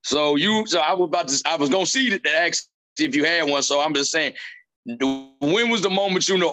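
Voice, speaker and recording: A man's voice: fairly high pitch, a little fast, bright, forceful tone. A man, hosting a casual chat and retelling family stories, acting out his dad's lines. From southern United States. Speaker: podcast host.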